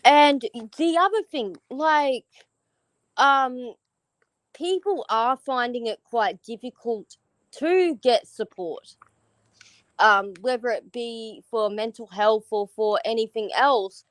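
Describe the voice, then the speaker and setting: A woman's voice: on the high side, takes it slowly, no echo, low-quality recording. A woman with an Australian accent chatting casually on a livestream, frank and rambling, swearing freely.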